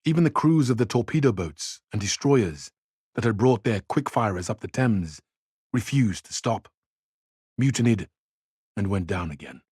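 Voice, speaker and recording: A man reading a novel aloud in a measured, grave way, dropping low and quiet at the ends of phrases. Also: lively intonation, slightly rough, no room sound, studio quality. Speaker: reader.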